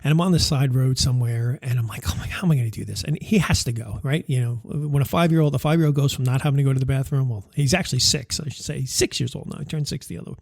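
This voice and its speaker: Husky-voiced man telling a story. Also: mid-range voice, fast, few pauses, a little mellow, no echo, studio quality. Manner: rambling with many fillers and restarts, laughing through funny parts. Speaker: podcast host and life coach. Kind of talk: casual storytelling monologue.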